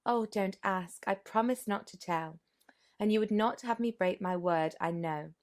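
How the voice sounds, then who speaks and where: A woman voicing a shy young governess who is guarded and sly, speaking hesitantly and softly. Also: mid-range voice, measured pace, natural voice. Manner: hesitant and soft.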